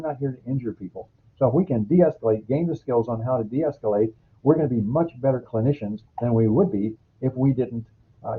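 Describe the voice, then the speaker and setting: Husky-voiced man lecturing over a tinny line. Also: medium pitch. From United States. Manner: explanatory, uses clinical anecdotes. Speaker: healthcare trainer. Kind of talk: recorded training lecture. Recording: phone-like lo-fi recording.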